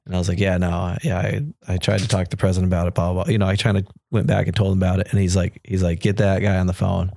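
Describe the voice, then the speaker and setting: A man's voice: low voice, rapid-fire, creaky, hardly any pauses. A man as a podcast guest, telling a personal story in casual talk and acting out the voices of people he quotes. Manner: animated, acts out quoted dialogue.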